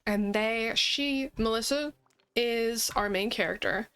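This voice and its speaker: A woman hosting a gaming video, chatting casually while she plays, animated and often laughing. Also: on the high side, slow, smooth. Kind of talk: casual chat while playing a game. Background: faint game music.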